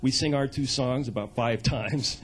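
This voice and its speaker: A man's voice: mid-range voice, measured pace, fairly bright tone, husky. Chatty man in his 60s, storytelling onstage. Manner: loose, chatty, laughing at his own stories. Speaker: folk singer and storyteller. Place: cabaret club stage.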